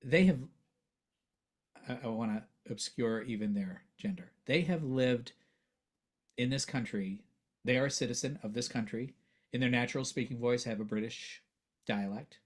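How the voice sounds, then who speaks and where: A man, a voiceover actor and coach, talking earnestly in a casual interview and growing animated as he makes his points. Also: mid-range voice, normal speed, pauses often. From United States.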